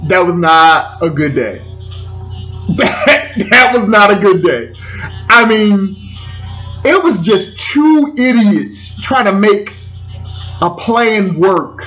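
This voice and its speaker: A Washington DC–area man in his forties tells a personal story in a high, sing-song, fairly bright voice, going slowly and pausing often. He repeats phrases and trips over restarts. The recording is dull and lo-fi with faint background music.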